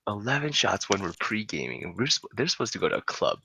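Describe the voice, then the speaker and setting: Brief: young male podcast host, low gravelly voice, bright and lively, rambling storyteller. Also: quick pace, slight background noise. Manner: rambling, cursing, laughing often. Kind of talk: casual comic storytelling.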